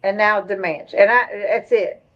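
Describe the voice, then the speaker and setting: A woman's voice: medium pitch, moderate pace, muffled recording. A middle-aged woman hosting a live stream in casual chat, reading viewer comments aloud and laughing along.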